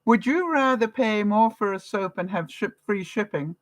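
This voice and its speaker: Older canadian lady chatting away on a livestream, laughs a lot, mid pitch, dry sound. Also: animated, normal speed, no room sound, poor audio. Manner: chatty, laughs often, retells conversations. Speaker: vlogger. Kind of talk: casual livestream chat.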